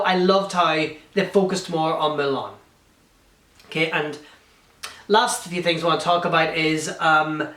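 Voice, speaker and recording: A man's voice: on the high side, fairly bright tone. A man giving a casual, enthusiastic spoken film review, gushing with frequent ums and restarts. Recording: roomy echo.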